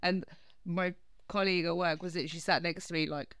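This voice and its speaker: A woman with a smooth, clean voice chats on a podcast, teasing the others bluntly and swearing casually. Her voice is dry and close to the mic. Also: lowish voice, steady tone, quick pace, fairly bright tone, no room sound. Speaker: podcast co-host. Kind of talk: casual chat.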